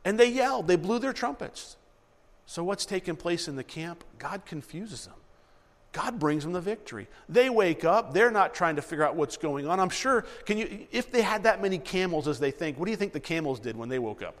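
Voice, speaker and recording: A man preaching and reading Bible verses aloud, animated and repeating himself as he acts out the story. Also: sits high, fairly quick, in a large hall. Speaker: preacher teaching a Bible passage.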